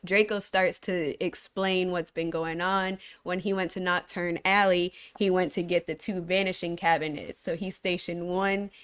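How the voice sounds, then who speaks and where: Smooth-voiced woman recapping casually. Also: on the low side, normal speed, hardly any pauses. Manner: chatty, lively storytelling with fillers. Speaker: podcast co-host. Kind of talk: casual chat recapping a story.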